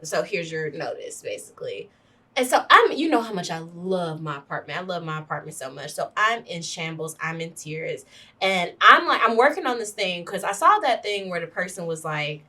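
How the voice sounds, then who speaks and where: A lively woman is co-hosting a casual podcast. Her voice is bright and ringing, and she sits a little back from the mic. She acts out every character in her stories with big comic reactions. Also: on the low side, normal speed, recorded from a distance. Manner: animated storyteller, acts out quotes, shrieks for comic effect. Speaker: podcast co-host. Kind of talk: casual chat.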